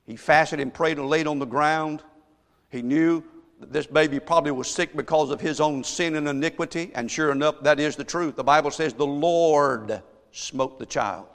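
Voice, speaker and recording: A male pastor preaching a sermon, telling a story and swinging from hushed asides to shouted emphasis. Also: on the high side, moderate pace, gravelly. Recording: long echo of a large hall.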